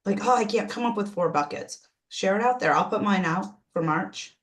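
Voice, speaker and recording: An energetic woman coaches her team over a video call. She talks in quick bursts, with plenty of "um"s and self-corrections, at a middling pitch. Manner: energetic, many "um"s and restarts, coaching tone. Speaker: team trainer leading a call. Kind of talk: casual group video call.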